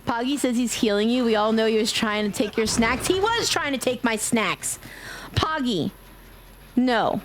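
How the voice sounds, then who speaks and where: A woman with a slightly high, animated voice talks at normal speed, with a little hiss or hum on the audio. She's a streamer from Brooklyn whose New York accent has faded, and during her gaming livestream she's playful, giggly, and quick to swear.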